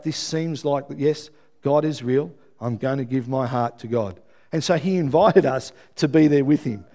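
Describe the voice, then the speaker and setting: A middle-aged Australian man preaching a sermon, telling a personal story with lively, acted-out quotes and asides. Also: on the high side. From Melbourne, Australia.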